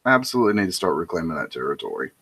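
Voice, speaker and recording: A man with a fairly low voice hosts a relaxed monologue. He rambles through a joke with restarts and asides about his own delivery. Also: rapid-fire, vocal fry, husky. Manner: rambling, with restarts and self-commentary. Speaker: host. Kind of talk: casual monologue telling a joke.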